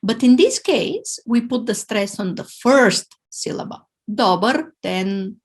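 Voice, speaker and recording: A woman teaching a language lesson, sounding out words slowly and carefully for learners to repeat. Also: a little high, very animated, husky.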